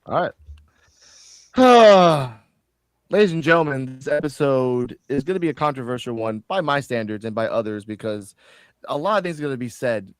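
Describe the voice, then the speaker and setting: A man hosting a casual wrestling review show, rambling and animated, often stumbling over his words. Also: medium pitch, normal speed, clear, resonant tone, dry recording. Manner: animated, rambling, quotes wrestlers in mock voices. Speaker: podcast host.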